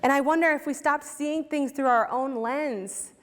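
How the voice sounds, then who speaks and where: A young woman with a fairly high voice talks earnestly to a congregation, in a casual way with many ums and restarts. Her voice rings with the long reverb of a church hall. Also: moderate pace. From Ohio, USA. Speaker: youth ministry worker speaking at church. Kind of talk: church talk with personal stories.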